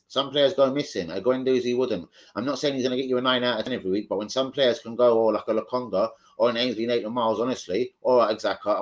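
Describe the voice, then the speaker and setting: A man hosting a live stream, debating football bluntly, swearing freely and arguing with his chat. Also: medium pitch.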